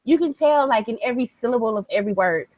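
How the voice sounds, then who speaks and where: Lively young woman, dry lo-fi podcast sound. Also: on the high side, fast, no echo. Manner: animated, laughs often, swears. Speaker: podcast co-host. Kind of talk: casual chat.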